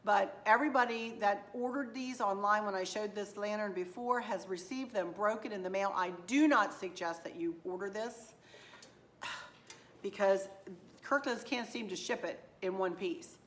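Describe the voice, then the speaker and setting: A hoarse woman chatting casually to her viewers as a home decor vlogger, gushing and affectionate, rambling from one thought to the next. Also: medium pitch, moderate pace, fairly bright tone, a little hiss or hum.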